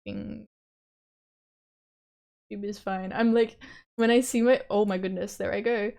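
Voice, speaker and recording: A woman's voice: medium pitch, fairly even intonation, normal speed, creaky, a little mellow. A young woman streamer reading a visual novel aloud, breaking off into chatty, swearing asides and frequent laughs.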